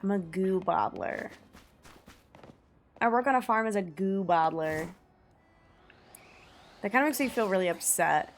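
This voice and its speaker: A young woman streamer chats casually on a live stream, musing aloud and reading search results with frequent laughs. Her mid-range voice is expressive and measured, with many pauses and faint music in the background.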